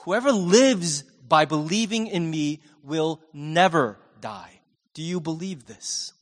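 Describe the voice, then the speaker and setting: Guy preaching doing a soft patient teacher voice, tender, kinda high, big hall echo. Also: animated, takes it slowly. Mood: solemn. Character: gentle patient male teacher, calm and reassuring.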